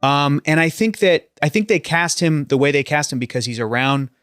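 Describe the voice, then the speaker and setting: A man co-hosting a film review podcast in casual chat, animated and slipping into exaggerated voices. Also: fairly high pitch, moderate pace, clean tone, dry recording, clean studio sound. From United States.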